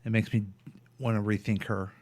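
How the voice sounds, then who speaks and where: A man's voice: fairly low pitch, level tone, moderate pace, a little mellow. A man co-hosting a talk radio show, chatting casually and bluntly, often indignant and laughing. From Missouri, US. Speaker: radio co-host. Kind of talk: casual political chat.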